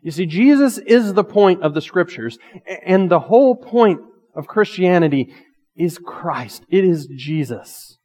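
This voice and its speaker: Man preaching, fairly high voice, loud emphatic lines dropping to hushed asides, long hall reverb. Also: expressive. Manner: reads scripture aloud slowly and earnestly. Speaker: pastor. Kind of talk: sermon.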